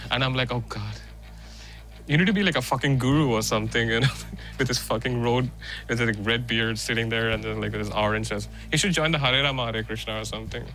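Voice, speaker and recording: Animated man, bright voice. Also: medium pitch, low-quality recording. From India. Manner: animated and blunt, with frequent restarts and swearing. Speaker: interviewee. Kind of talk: casual documentary interview.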